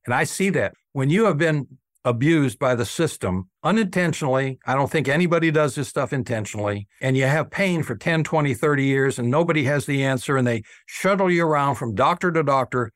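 An older man, an oral surgeon, earnestly tells patient stories in an interview, acting out what patients said. His medium-pitched voice is animated and brisk, with studio-quality sound and no room noise.

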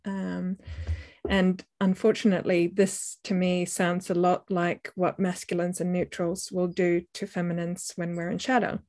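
Thoughtful woman with a lowish voice. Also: flat delivery, unhurried, a little mellow. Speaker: parenting podcast co-host. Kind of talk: casual discussion.

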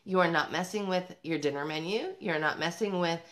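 On the low side and fairly bright, her voice moves a little fast. She's a parenting vlogger cheering on other mothers to the camera, upbeat and emphatic, addressing them directly and laughing as she goes.

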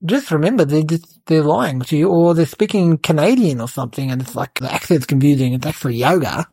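A mischievous little boy with a low, gravelly, husky voice, played by a woman, rambling through his story with deadpan childlike logic. The sound is dry and close. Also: fairly quick, no echo. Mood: cheeky. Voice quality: creaky, husky. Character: cheeky mischievous little boy, clueless and carefree. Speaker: podcast comic character narrator. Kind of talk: comic character monologue.

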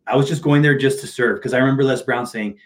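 A man telling personal stories in relaxed conversation. He talks with energy and emphasis, sometimes breaking into quick voices of other people. His voice sits in an ordinary middle pitch. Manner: animated, emphatic, slips into quick impressions. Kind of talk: casual storytelling.

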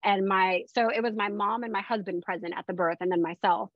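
A woman from Florida telling her story as a podcast guest in a chatty, animated way with lots of fillers. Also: medium pitch, a little fast, no echo. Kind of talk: casual personal storytelling. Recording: dull, dry lo-fi sound.

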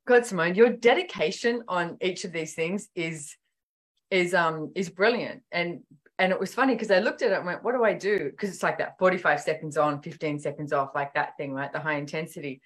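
Her low-side voice moves briskly as she talks casually on a podcast where she's the guest author. She acts out dialogue within lively stories and peppers everything with fillers such as "like" and "you know".

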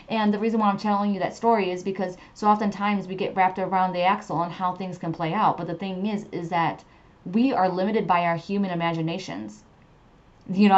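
A woman's voice: mid-range voice, dull audio. A woman hosting a tarot podcast, giving casual spiritual advice in a chatty way full of "you know". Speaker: podcast host and tarot reader.

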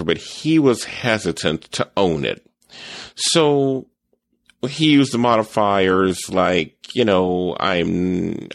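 This animated podcast host and photography teacher has a fairly low, creaky voice, recorded in a clean studio with no echo. He rambles casually, restarting and stuttering, and performs the voices of people he quotes.

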